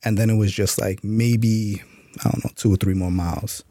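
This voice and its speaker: A man's voice: lowish voice, fairly even intonation, normal speed, mellow, no echo. A man being interviewed on a podcast, telling a story in a laid-back way and swearing casually. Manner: laid-back, profane, full of "you know what I'm saying". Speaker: podcast guest, author and Army veteran.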